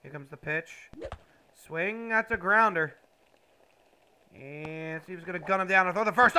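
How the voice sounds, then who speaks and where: A man giving mock play-by-play commentary over a baseball video game, with sudden loud bursts of excitement. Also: sits high, a little slow, pauses often, clean tone.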